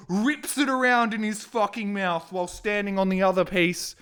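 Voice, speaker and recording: Young male streamer, rambling and profane, with a smooth, clear voice. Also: high voice, fairly even intonation, moderate pace, few pauses, a bit bright. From Australia. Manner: rambling, swearing, frustrated. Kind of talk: casual storytelling.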